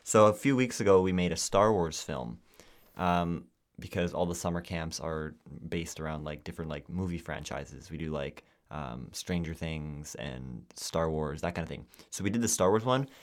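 A young man co-hosting a podcast, chatting casually and telling animated stories full of fillers. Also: very deep voice, moderate pace. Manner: animated storytelling with lots of fillers. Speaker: podcast co-host. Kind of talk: casual chat.

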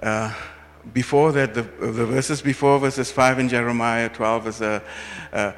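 A man preaching a sermon as pastor, swinging between loud and quiet, often restarting phrases and asking the congregation questions. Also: medium pitch, steady tone, measured pace, long reverb tail. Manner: rising and falling preaching delivery, asks the congregation questions.

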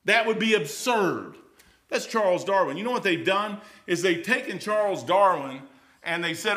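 Male preacher, bright, slightly high voice, folksy delivery that swings from loud to hushed. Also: expressive, normal speed. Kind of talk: informal sermon.

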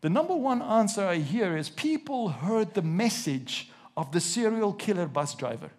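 Male preacher, high-pitched, breathy edge; slow emphatic scripture reading, questions to the congregation, light humor. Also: sing-song, darkish tone. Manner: reads scripture slowly with emphasis, asks the congregation questions, jokes. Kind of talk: sermon to a live congregation. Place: church.

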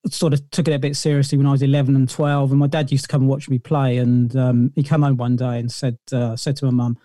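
A man's voice: mid-range voice, level tone, fast, dark tone, dry recording, clean studio sound. A middle-aged man, a podcast guest telling long stories in a rambling way, full of fillers and restarts. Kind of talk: casual interview storytelling.

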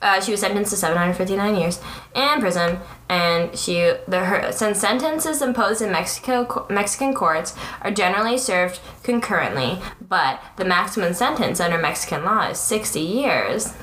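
A woman's voice: medium pitch, normal speed, a bit bright. Young woman, chatty podcast co-host, giggles while reading a case, stumbles on words, echoey room, faint hiss. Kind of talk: casual true-crime chat, reading aloud.

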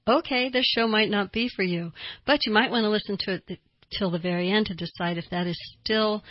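An older woman from the American South, hosting a radio talk show as a therapist, chatty and quick to laugh. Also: mid-range voice, breathy edge, no room sound, lo-fi sound. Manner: chatty, storytelling, laughs easily.

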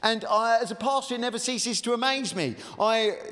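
A man, a pastor, preaching a chatty, animated sermon full of fillers, with asides to his congregation. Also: very high voice, normal speed, big-room sound.

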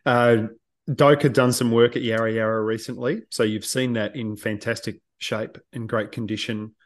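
A man co-hosting a podcast, making measured, approving remarks to the guests. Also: mid-range voice, steady tone. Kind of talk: casual podcast interview.

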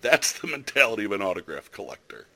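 A man's voice: lowish voice, big pitch swings, quick pace, creaky, a crowd in the background. A man hosting a podcast in casual chat, chatty and enthusiastic with a rambling way of telling stories. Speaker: podcast host.

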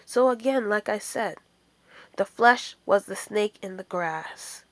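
A woman delivers a casual sermon in a fairly high voice. She takes her time, leaning on rhetorical questions to drive each point home. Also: measured pace. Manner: emphatic, full of rhetorical questions. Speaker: preacher. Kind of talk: informal sermon.

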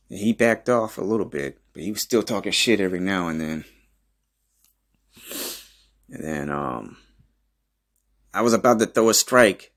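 A young man hosting a podcast, telling an absurd, profane, boastful story in a rambling deadpan way. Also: deep voice, normal speed, long pauses. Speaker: podcast host.

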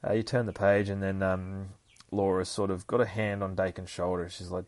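A man recaps a comic book issue on his podcast, with a voice that sits on the low side. His talk is loose and packed with swearing. He acts out the punches and gunshots with loud sound effects. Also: flat delivery, normal speed, no room sound. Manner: profane, swears constantly. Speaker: podcast host.

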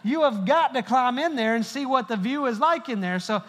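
A man's voice: extremely high pitch, animated, normal speed, fairly bright tone. A middle-aged male pastor giving a humorous sermon, telling stories and joking with the congregation. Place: large church hall. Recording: long hall reverb.

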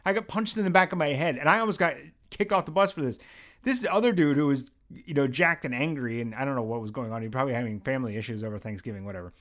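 A man's voice: medium pitch, quick pace. Young guy from pennsylvania rambling thru a story on his podcast, swears a lot, laughs at himself. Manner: rambling, animated, swears freely, self-mocking. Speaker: podcast host. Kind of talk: casual storytelling monologue.

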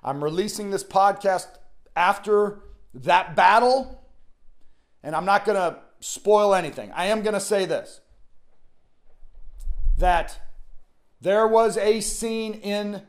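A man's voice: high-pitched, slow, long pauses. A middle-aged man hosting a solo motivational podcast, talking in an earnest, rambling way that repeats itself and restarts often. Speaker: podcast host.

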